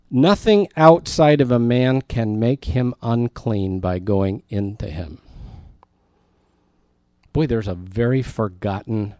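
A man of middle pitch leads a Bible teaching, reading verses and then breaking off for lively asides to his listeners. His tone is conversational but emphatic. The sound is dry and close, with no room echo.

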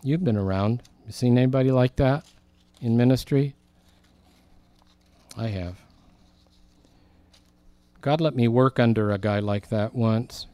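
A middle-aged male pastor delivers a sermon, telling a story with animated delivery and putting on voices for the people in it. His voice sits at an ordinary pitch for a man. The sound is close and dry, with no room echo. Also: a little slow, pauses often.

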